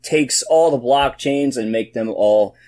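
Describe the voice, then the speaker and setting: A man's voice: medium pitch, measured pace, mellow. A man co-hosting a casual trading podcast, talking in a laid-back, slangy way. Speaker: podcast co-host.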